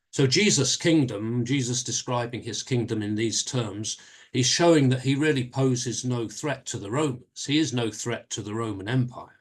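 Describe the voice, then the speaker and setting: A man leading a church Bible study, explaining a passage in a measured way with frequent pauses and restarts. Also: medium pitch.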